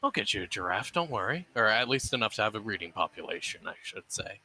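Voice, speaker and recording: A man voicing a doting, earnest young husband who speaks in halting phrases and repeats words. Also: fairly low pitch, very animated, sharp tone, full character voice, poor audio.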